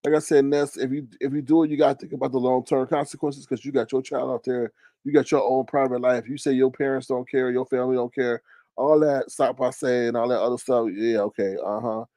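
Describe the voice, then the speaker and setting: A young man hosting a casual commentary stream, ranting loudly and mockingly to his live chat, swearing often. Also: steady tone, a little fast, no echo. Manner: loud, profane, mocking rant with big pitch swings. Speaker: commentary show host.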